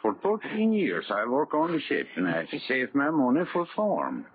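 An actor playing a humble, hardworking sailor who dreams of a farm, speaking earnest broken in a 1930s radio drama. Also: male voice, mid-range voice, huge pitch swings, normal speed. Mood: wistful. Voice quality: broken English, pleading. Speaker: ship worker. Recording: tinny 1930s radio broadcast, hiss.

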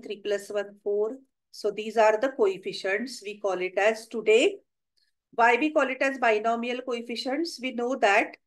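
A woman's voice: on the high side, low-quality recording. A middle-aged woman with an Indian English accent, giving a webinar lecture and working through examples step by step. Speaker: webinar presenter on math history. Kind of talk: lecture with slides.

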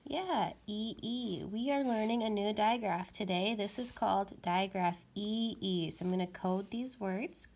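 A young adult woman teaching a phonics lesson to young children, speaking clearly and encouragingly. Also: mid-range voice, steady tone, normal speed, few pauses, a little mellow.

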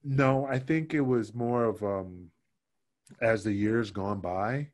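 A man with a lowish voice, a former wrestler, tells backstage stories in a loose, animated way. He swears often and jumps into other people's voices as he goes. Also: slow. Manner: animated, swears freely, acts out what others said. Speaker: podcast guest, former wrestler. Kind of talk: casual storytelling interview.

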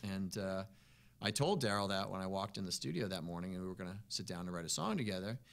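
Man, musician guest; bright, forceful tone; laid-back rambling storyteller. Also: deep voice, animated, quick pace, gravelly, slight background noise. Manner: easygoing, rambling, peppered with "you know" and "man". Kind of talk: casual interview storytelling.

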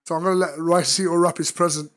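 Slightly hoarse man, rambling and teasing. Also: a little high, flat delivery, fast. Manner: playful, rambling and teasing, with sudden loud outbursts. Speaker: streamer. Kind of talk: casual VR chat while streaming. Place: online game, voice chat.

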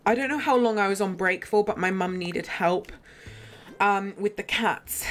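This young woman, mid-range in voice with a fairly bright tone and a moderate pace, streams a game live from her bedroom. Her gameplay chat is casual and giggly, with plenty of talking to herself.

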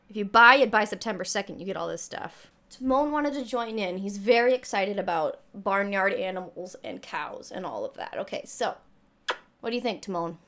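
A young woman reacting to a trailer and reading it aloud, gushing and a little out of breath. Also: mid-range voice. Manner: gushing, squealing with excitement. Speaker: gaming YouTuber reacting to a trailer.

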